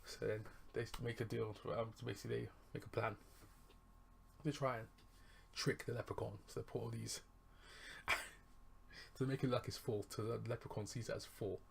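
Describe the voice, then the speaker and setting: A man's voice: medium pitch, level tone, brisk, gravelly, long pauses, a little hiss or hum. A man casually retelling a film's plot as a reviewer, rambling, chuckling and correcting himself as he goes. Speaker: movie reviewer.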